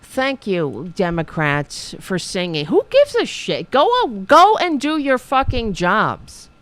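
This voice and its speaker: A woman's voice: mid-range voice, huge pitch swings, slow, a bit bright, no echo. A woman hosting a political show, ranting in a profane, sarcastic, exasperated way while reading viewers' chat.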